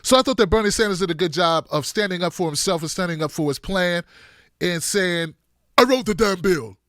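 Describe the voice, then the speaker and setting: A man giving animated, sarcastic political commentary on his own show. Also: high-pitched, a little fast, clean tone, dry recording, studio quality.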